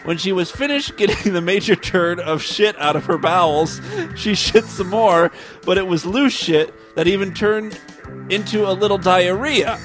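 A man's voice: sits high, a bit bright. A man hosting a podcast, reading a listener's story aloud and breaking off for wry asides. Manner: wry asides between read passages. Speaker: podcast host.

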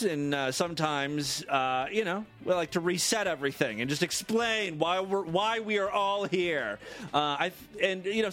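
A man's voice: fairly high pitch, fairly bright tone. A man hosting a comedy podcast, reading odd news stories with jokey asides and frequent laughs. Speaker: podcast host.

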